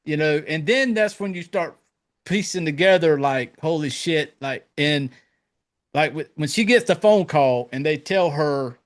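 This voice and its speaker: A man's voice: a little high, unhurried. A man hosting a podcast, chatting casually and swearing freely as he tells stories and acts out lines. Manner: profane, animated storytelling with acted-out quotes. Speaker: podcast host. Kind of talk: casual chat.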